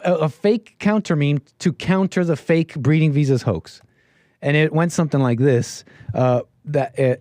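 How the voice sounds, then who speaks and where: A man's voice: medium pitch, dark tone, dry recording. Rambling male live-streamer, dry close sound. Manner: rambling, chatty, laughs at his chat, many restarts. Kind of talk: casual live-stream commentary.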